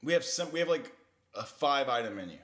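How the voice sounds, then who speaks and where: Animated, crude-joking man. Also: mid-range voice, a little fast. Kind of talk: casual chat.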